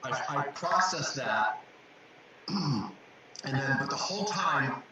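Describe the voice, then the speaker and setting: A man's voice: fairly high pitch, animated, takes it slowly. A man who works as a coach, talking reflectively on a video call and repeating words as he searches for them. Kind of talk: casual video chat. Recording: echoey, distant from mic, loud background noise.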